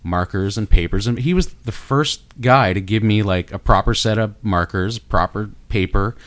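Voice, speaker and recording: Speaking at normal speed in a lowish voice, a middle-aged Canadian guest artist with a Canadian accent chats casually in an interview. He's rambling and enthusiastic, with plenty of fillers and restarts, and there's no echo.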